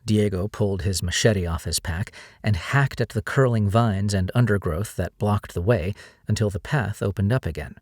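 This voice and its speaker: A man narrating a novel as an audiobook in a steady storytelling read. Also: on the low side, normal speed, no room sound, studio quality. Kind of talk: scripted narration.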